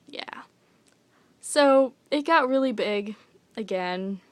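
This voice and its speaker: Slow, rambling young woman vlogging. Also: medium pitch, no echo. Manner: rambling, many fillers, drops into whispery asides. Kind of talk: casual vlog storytelling.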